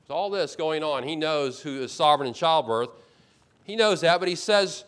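Male pastor, sermon delivery, fairly high voice, emphatic and repetitive, slips into first-person asides. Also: moderate pace, a bit bright, smooth. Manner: expository preaching with emphatic repetition; acts out the speaker's complaints in first person.

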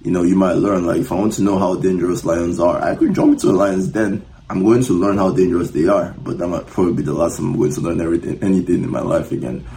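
Guy chatting on a podcast, low gravelly voice, dark tone, laid-back. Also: steady tone, fast talker, hardly any pauses, a little hiss or hum, low-quality recording. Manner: laid-back, hypes up the audience. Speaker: podcast co-host. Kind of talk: casual chat.

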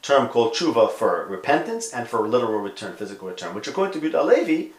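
A man giving a conversational Torah lecture on a podcast, stressing some words loudly and dropping to quiet asides, with Hebrew and Yiddish terms mixed in. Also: mid-range voice, big pitch swings, fast talker, echoey room. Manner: emphatic, swings between loud stresses and quiet asides.

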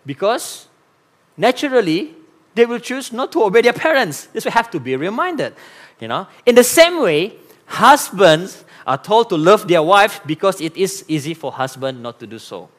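A man with a Malaysian English accent preaching a sermon as pastor, animated and often repeating key phrases. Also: high voice, moderate pace.

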